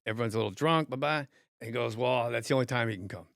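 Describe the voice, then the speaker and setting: Animated storytelling man, dry studio mic. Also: medium pitch, quick pace, vocal fry, no echo. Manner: animated, acts out heated quotes loudly. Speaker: podcast host and comedian. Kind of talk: casual storytelling chat.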